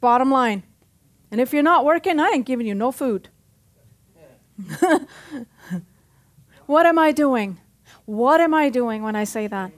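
A woman's voice: high-pitched, animated, measured pace, pauses often. A middle-aged woman pastor preaching a sermon in a church, punchy and joking, often calling out for an amen. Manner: punchy, joking, calls for amens.

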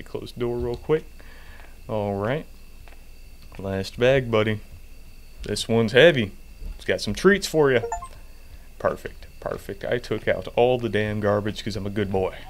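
A man playing a game and commenting in a sarcastic, joking way, with casual swearing. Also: lowish voice. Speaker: gamer.

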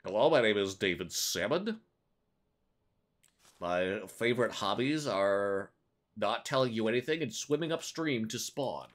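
A man voicing an evasive male traveler in a flat, deadpan introduction. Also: on the low side, unhurried, voice pushed down.

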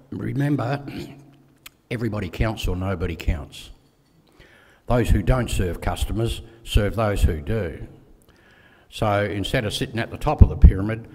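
Older Australian man speaking in a hall. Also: mid-range voice. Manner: folksy storyteller, acts out voices in anecdotes. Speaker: guest speaker. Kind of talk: speech with stories.

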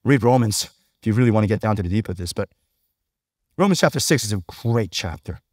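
A man's voice: on the low side, animated, a little fast, darkish tone, no echo, clean studio sound. Man preaching a chatty sermon. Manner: conversational, keeps asking the congregation "right?". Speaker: pastor.

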